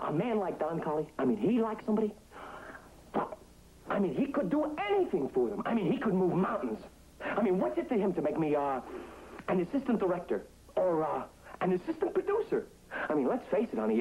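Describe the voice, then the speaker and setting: A man's voice: high voice, full character voice. An actor playing a man who was once a waiter, an eager, boastful dreamer who keeps coaxing and saying "I mean," in a 1960s TV drama. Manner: excited, wheedling, repeats "I mean". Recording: tinny old TV soundtrack.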